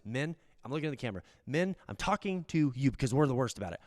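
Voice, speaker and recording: A man preaching a sermon as a pastor, in earnest, swinging from hushed low lines to raised ones. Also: expressive, quick pace. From United States. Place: church.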